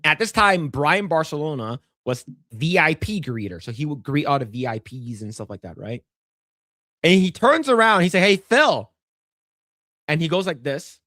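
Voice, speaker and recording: A man's voice: fairly high pitch, big pitch swings, normal speed, a bit bright, dry recording, studio quality. A man co-hosting a livestream, telling a long story in loose, profane chat full of restarts and stammers. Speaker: podcast co-host.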